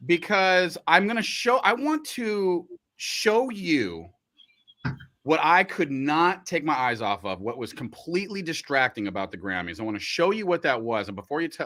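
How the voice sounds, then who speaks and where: A radio host runs a casual livestream from a radio studio, speaking at normal speed in a mid-range voice. He's animated and joking, and he talks while he eats.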